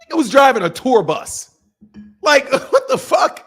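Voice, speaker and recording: Hosting his boxing show, a middle-aged man rants against his critics, mocking them with a constant stream of profanity. His husky, fairly high voice jumps around in pitch, swinging between loud outbursts and muttered asides at an unhurried pace, with soft music in the background.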